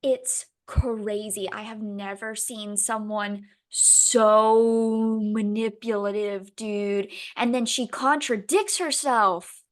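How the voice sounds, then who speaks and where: A woman's voice: mid-range voice, takes it slowly. A young woman co-hosting a book podcast, chatting casually and animatedly, swearing and acting out quotes. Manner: animated, swearing, dramatic quoting. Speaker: podcast co-host. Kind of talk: casual chat.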